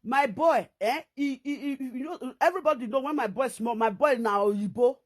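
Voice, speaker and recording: A middle-aged woman with a Nigerian Pidgin accent, ranting to camera in a scolding, repetitive, animated way as a vlogger. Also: high-pitched, normal speed.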